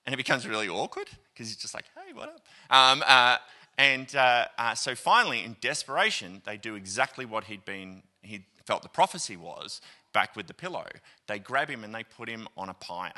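An Australian man preaching in a church, pitch jumping around as he tells a story. His tone is bright and forceful, and he breaks into quoted voices, filling the gaps with ums and uhs. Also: normal speed. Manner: animated, acts out quoted voices, many fillers. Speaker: pastor. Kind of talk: storytelling sermon. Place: church auditorium.

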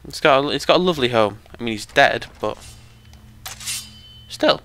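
A man's voice: medium pitch, expressive, normal speed, a bit bright, a little hiss or hum. A young British man giving chatty, joking live commentary over a game he is playing. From Britain. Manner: chatty, joking, talks to the viewers. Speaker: let's play commentator.

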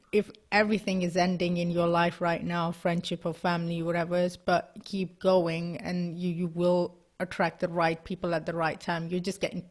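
A woman hosting an interview podcast, supportive and encouraging, answering with soft affirming murmurs. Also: on the low side. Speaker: podcast host.

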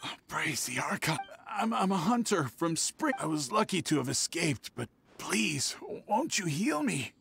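A man's voice: fairly high pitch, very animated, a little slow, gravelly, a bit bright, heavily acted. An actor playing a shifty male treasure hoarder who fakes an injury, evasive and defiant by turns, in game character dialogue. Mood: pleading.

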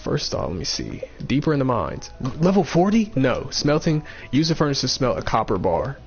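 Gravelly-voiced man narrating his gameplay. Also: mid-range voice, sing-song, normal speed, highs cut off, faint music behind. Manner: thinking aloud, repeating himself, playful. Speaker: gaming streamer. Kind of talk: casual let's-play commentary.

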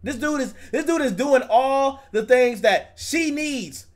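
A man with a very high-pitched voice rants heatedly through a live reaction stream. His talk is profane and worked up, the voice of a streamer who has lost patience. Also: lively intonation, a little slow.

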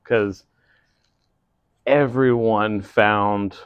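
A man's voice: lowish voice, fairly even intonation, drawn-out words, clear, resonant tone, no room sound, highs cut off. A middle-aged man co-hosting a homestead channel, chatting casually and laughing easily in an interview with his wife.

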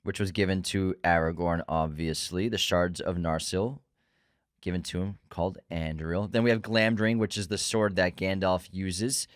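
A man's voice: sits low, steady tone, normal speed, dry recording, studio quality. A man co-hosting a casual movie podcast, playfully quizzing his co-host and teasing him.

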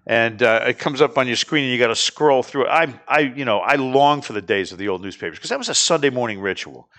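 A man hosting a casual chat, jokey and animated, laughing often. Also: mid-range voice, quick pace. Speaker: radio show host.

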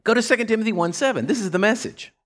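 A man preaching a folksy, animated sermon as pastor of a church. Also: high voice, very fast. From Texas.

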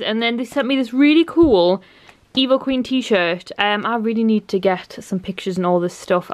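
A young woman talking casually in a vlog, chatty and flustered, tired and stressed. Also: medium pitch. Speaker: vlogger.

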